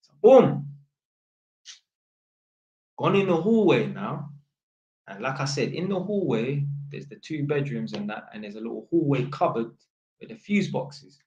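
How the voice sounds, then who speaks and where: A man's voice: mid-range voice, unhurried, long pauses, echoey room, highs cut off. A young man telling a story in casual slang, acting out the voices of the people in it. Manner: animated, acts out voices, heavy London slang.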